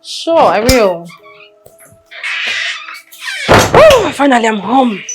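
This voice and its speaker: A brash, headstrong young woman in a Nigerian film drama. Her voice is high and swings widely with a Nigerian English accent, with music clearly behind her. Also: big pitch swings, moderate pace. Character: headstrong young sister-in-law, brash and defiant. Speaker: wife's sister.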